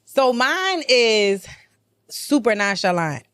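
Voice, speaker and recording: A woman's voice: on the high side, slow pace, clear, resonant tone, dry recording. Blunt, cursing woman, dry close sound. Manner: blunt, expressive, heavy cursing. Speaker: podcast co-host. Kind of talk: casual chat.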